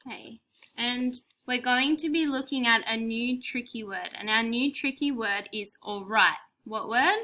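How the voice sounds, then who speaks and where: Slow, bright-voiced woman teacher. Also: a little high. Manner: slow, clear, encouraging teacher talk with prompts and praise. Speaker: primary school teacher. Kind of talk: recorded spelling lesson for young children.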